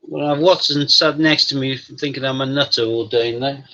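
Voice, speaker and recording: A man's voice: mid-range voice, steady tone, moderate pace, bright, forceful tone. Chatty man, lo-fi stream. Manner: chatty, jokey, talks to his dog and chat. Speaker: live stream host. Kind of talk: casual chat with live chat viewers. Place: home room. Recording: dull lo-fi stream audio.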